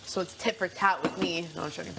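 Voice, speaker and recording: A woman's voice: on the low side, steady tone, fast talker, gravelly, very noisy. A woman chatting casually indoors, teasing and giggling, sometimes mimicking others in a mock-sweet voice. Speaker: reality show houseguest. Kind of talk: casual chat. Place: indoor living space in a reality show house.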